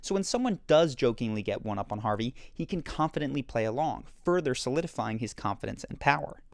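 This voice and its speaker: A man narrating a scripted video essay in a measured, explanatory way. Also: mid-range voice, lively intonation, creaky, darkish tone, no room sound, clean studio sound. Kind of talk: scripted narration analyzing show clips.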